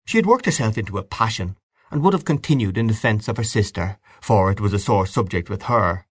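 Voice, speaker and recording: A man narrates a literary story in a measured, expressive reading. His voice sits low but moves with lively intonation. The recording is close and dry with no room sound. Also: breathy edge, no echo. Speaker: audiobook narrator.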